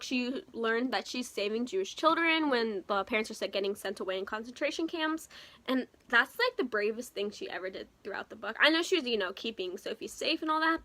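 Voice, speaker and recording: A woman's voice: a little high, sharp tone. A young woman casually reviewing a novel, talking emotionally with lots of fillers and exclamations. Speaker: book reviewer. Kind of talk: casual book review vlog.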